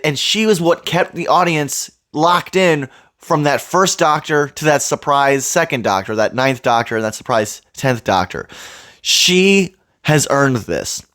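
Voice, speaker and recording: A man's voice: on the high side, unhurried, fairly bright tone, no echo, studio quality. A man hosting a reaction video, earnest and emotional, his voice cracking at times as he talks about a TV episode. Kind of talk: emotional fan commentary.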